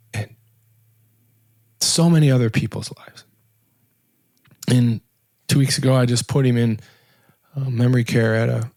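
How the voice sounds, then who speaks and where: A man's voice: medium pitch, gravelly, a little mellow, no room sound. Earnest man in his 60s, dry sound. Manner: earnest, halting, with many restarts and emotional pauses. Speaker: podcast guest, author and entrepreneur. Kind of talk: personal storytelling in a podcast interview.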